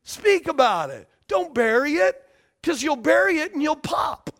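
A man's voice: very high voice, sing-song, a little slow, fairly bright tone. A man preaching a sermon as a pastor, emphatic and repetitive, often asking the congregation for responses.

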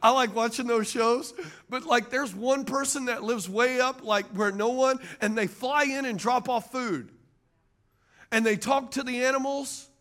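A man's voice: extremely high pitch, steady tone, a little slow, fairly bright tone. A man, preaching a sermon as pastor and calling to the congregation for amens and agreement. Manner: call-and-response preaching, asks the crowd for amens.

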